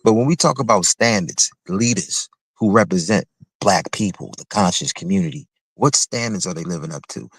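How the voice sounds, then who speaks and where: A man's voice: on the low side, very animated, normal speed, creaky, slightly rough, no room sound. A man hosting a livestream, delivering a heated, confrontational commentary rant with repetitive, mocking phrasing. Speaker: livestream host.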